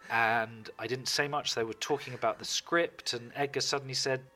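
A man, a guest telling animated, jokey stories in a casual interview. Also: mid-range voice, moderate pace, soft background music.

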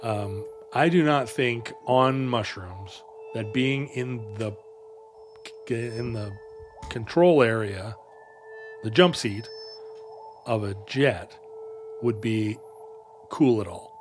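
A man co-hosting a casual podcast, playful and jokey, with animated asides. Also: mid-range voice, takes it slowly, long pauses, soft background music. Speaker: podcast co-host. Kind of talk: casual chat.

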